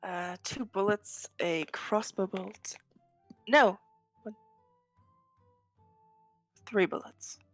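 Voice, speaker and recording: A woman's voice: medium pitch, extremely slow, long pauses, a bit bright, no room sound, faint music behind. A woman playing a tabletop game, laid-back and easily amused. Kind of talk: casual in-character play.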